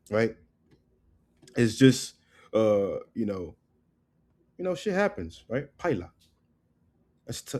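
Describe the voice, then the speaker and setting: A man from the United States giving a casual spoken lesson on slang, relaxed and loose, repeating words slowly and often asking "right?". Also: on the low side. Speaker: language teacher.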